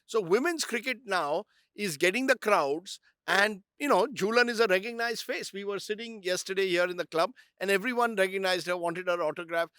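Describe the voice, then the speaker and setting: High-voiced Indian man telling stories. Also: moderate pace, hardly any pauses, smooth, dry recording, clean studio sound. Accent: Indian English. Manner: anecdotal, animated, slips into Hindi phrases. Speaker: guest speaker. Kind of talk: conversational storytelling on stage.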